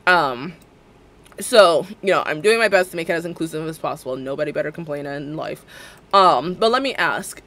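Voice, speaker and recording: A woman's voice: deep voice, expressive, moderate pace, fairly bright tone. A woman streaming a game live, talking casually into a desk microphone. Her voice moves all over her range, rising and falling as she chats. She rambles and laughs easily. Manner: chatty, rambling, laughs often. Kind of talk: casual live-stream chat while playing.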